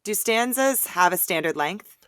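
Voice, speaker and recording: A woman's voice: mid-range voice, expressive, measured pace, a bit bright, no echo. Upbeat woman teaching poetry, dry sound. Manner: clear, upbeat, chanting rhythms aloud. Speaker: host of a poetry lesson. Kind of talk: scripted educational explanation.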